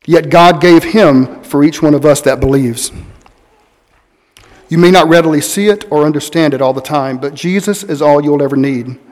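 A man preaching a sermon as pastor, earnest, stressing key words slowly and with weight. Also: fairly high pitch, darkish tone. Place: church sanctuary. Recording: long hall reverb.

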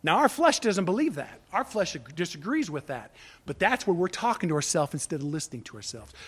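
A man preaching a sermon as pastor, emphatic, swinging between loud declarations and hushed asides, asking rhetorical questions and answering them himself. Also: fairly high pitch, sing-song, brisk, husky.

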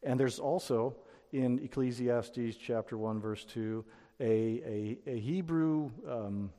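Guy giving a bible sermon, mellow voice, keeps restarting, lots of reverb. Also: mid-range voice, slow. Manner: explanatory, with frequent restarts and fillers. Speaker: Bible teacher. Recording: long reverb of a hall.

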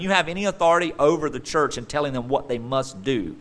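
A middle-aged male pastor delivering a sermon, swinging between loud emphatic stresses and quiet conversational asides. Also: mid-range voice, expressive, quick pace, few pauses.

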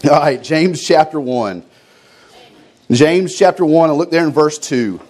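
A middle-aged pastor telling a personal story from the pulpit before reading scripture, acting out the voices in it. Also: male voice, fairly high pitch, unhurried, crowd noise, noisy background. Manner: storytelling with animated quoted voices. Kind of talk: sermon.

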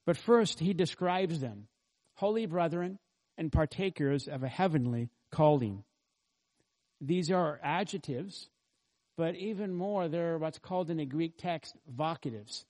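Mellow-voiced man preaching a sermon. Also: a little high, a little slow. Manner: earnest teaching with rhetorical questions. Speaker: pastor. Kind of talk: expository sermon.

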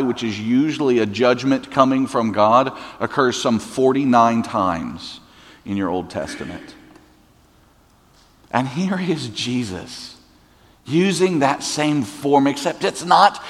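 A man's voice: mid-range voice, animated, slow. A man preaching a sermon as a pastor, conversational, with humorous asides. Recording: long church hall reverb.

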